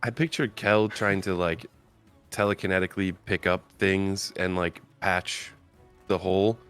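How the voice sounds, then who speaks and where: A man playing a tabletop game, speaking in a hesitant, halting way as he plans his character's moves. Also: sits low, steady tone, fairly bright tone, soft background music. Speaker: player. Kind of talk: casual chat in a tabletop game.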